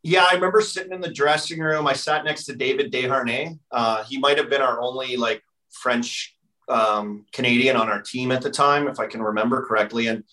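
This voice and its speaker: A man's voice: mid-range voice, fairly quick, sharp tone, distant mic, rough recording. A man, a former hockey player, guesting on a podcast and telling stories in a rambling way full of fillers. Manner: rambling, heavy use of filler "like". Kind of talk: casual storytelling chat.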